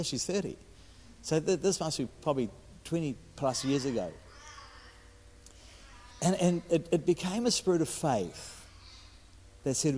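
A man in his fifties with a New Zealand accent, preaching a sermon as a guest speaker, stumbling over restarts and swinging between loud and hushed delivery. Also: on the high side, husky. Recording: echoey hall.

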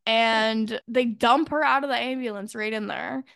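A woman co-hosting a podcast, chatting casually and loudly as she recaps a TV episode and acts out the characters' lines. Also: fairly high pitch, moderate pace, vocal fry, clean tone, no room sound, studio quality. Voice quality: loud. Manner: animated, acts out characters' lines when retelling. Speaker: podcast co-host.

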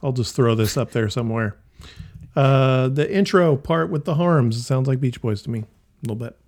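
Male co-host, relaxed, brief replies, casual. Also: mid-range voice, moderate pace. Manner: easygoing, brief agreeing replies. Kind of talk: casual chat.

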